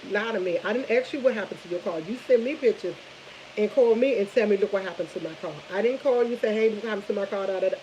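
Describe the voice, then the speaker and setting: A woman's voice: fairly high pitch, muffled recording, a little hiss or hum. A woman, chatting casually over morning coffee, rambling from subject to subject and retelling a long story. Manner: rambling, jumps between subjects, animated storytelling. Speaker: vlogger.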